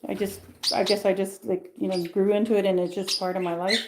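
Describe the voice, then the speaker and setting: A woman's voice: mid-range voice, level tone, a little fast. A woman hosting a casual pet livestream, chatting in a rambling way and cooing at her birds. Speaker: pet channel host. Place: indoor bird room. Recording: clear bird noise in the background. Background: birds chirping and squawking.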